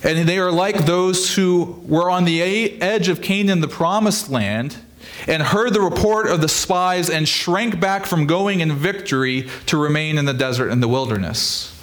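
A man preaching a sermon, earnest and steady, leaning on emphatic repetition. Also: fairly high pitch, moderate pace, slight background noise. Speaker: pastor.

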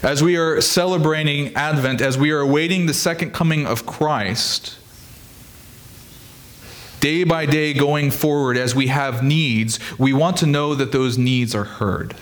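Pastor, male, earnest steady sermon delivery, slightly higher voice. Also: measured pace. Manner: earnest, steady preaching with emphatic repetition.

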